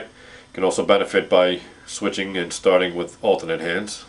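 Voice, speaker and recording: A man teaching drum technique, explaining exercises in a calm, plain way. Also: low-pitched, normal speed. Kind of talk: instructional demonstration.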